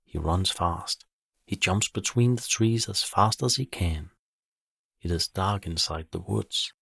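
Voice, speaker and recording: A man calmly narrating a bedtime story for children in a measured way. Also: low-pitched, gravelly, breathy edge, no room sound, studio quality.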